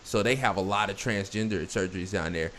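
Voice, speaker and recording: A man's voice: on the low side, fairly quick, a bit bright, a little hiss or hum. A man hosting a casual podcast chat, blunt and crude, firing off questions. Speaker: podcast host.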